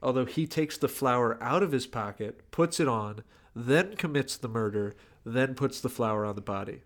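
A man's voice: mid-range voice, expressive, moderate pace. A man co-hosting a podcast, chatting casually about a movie with dry, joking asides. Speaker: podcast co-host. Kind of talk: casual chat reviewing a movie.

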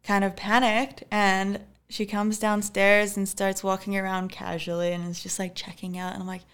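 A woman's voice: mid-range voice, little pitch movement, moderate pace, fairly bright tone, clean tone. Chatty woman telling a story. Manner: chatty, lots of "like" and "anyways", laughs easily. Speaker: podcast guest. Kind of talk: casual storytelling.

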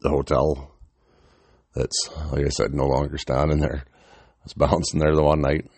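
A man's voice: rumbling low, flat delivery, a little slow, gravelly, a little mellow, no room sound. A middle-aged man casually telling an old story, swearing freely and chuckling as he rambles.

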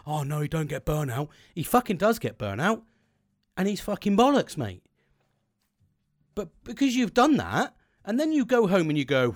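Sweary, animated man. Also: high voice, moderate pace. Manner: heavy swearing, animated, acts out quoted people. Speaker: podcast host. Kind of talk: casual motivational monologue. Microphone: home podcast mic setup.

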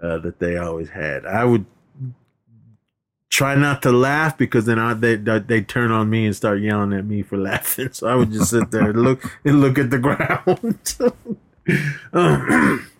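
A man's voice: fairly low pitch, a little slow. A man co-hosting a podcast, retelling movie scenes in a rambling, casual way and laughing often. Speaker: podcast co-host. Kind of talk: casual movie recap chat.

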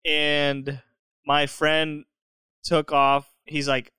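Young man telling a party story, smooth voice. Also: a little high, moderate pace, fairly bright tone, no echo. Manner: laughs often and swears freely. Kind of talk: casual storytelling.

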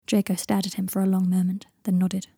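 A woman reading fan fiction aloud in a soft, hushed manner with a gravelly, husky voice. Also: medium pitch, completely flat delivery, a little fast, no echo, studio quality. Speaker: audiobook reader.

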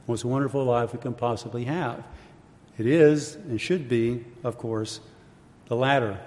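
A man's voice: medium pitch, darkish tone. Reflective man preaching in a reverberant hall. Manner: measured, reflective, conversational with asides. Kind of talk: sermon. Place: church hall.

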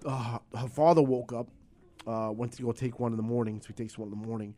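A middle-aged man, a guest telling a story in casual interview, animated and swearing freely, acting out voices. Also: medium pitch, quick pace.

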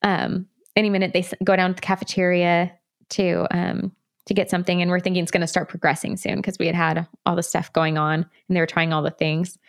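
A woman's voice: on the low side, level tone, brisk. Candid, rambling woman telling her story. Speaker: guest. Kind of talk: personal story in conversation.

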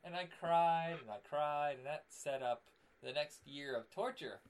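A young man co-hosting a podcast, chatting casually and acting out his stories with loud outbursts. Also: mid-range voice, moderate pace, heavy background noise. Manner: animated storyteller, acts out scenes with loud outbursts. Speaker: podcast co-host. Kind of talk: casual chat.

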